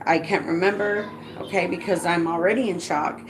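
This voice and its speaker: A woman who works as a home care provider, earnestly telling her viewers a personal story in a halting way, often dropping to a soft, hushed voice. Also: lowish voice, steady tone, noisy background.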